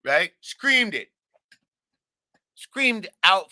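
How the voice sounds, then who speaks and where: Profane, animated man telling a story. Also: fairly high pitch, slow pace, long pauses, no room sound. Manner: profane, animated, keeps asking "right?"; acts out quoted voices, shouting them. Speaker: podcast host. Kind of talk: casual storytelling chat.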